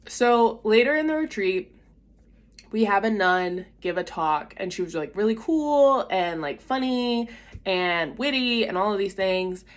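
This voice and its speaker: A woman's voice: mid-range voice, expressive, unhurried. Chatty young woman telling a story. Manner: chatty, lots of filler "like", acts out quotes in whispers. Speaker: vlogger sharing a faith story. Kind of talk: casual storytelling.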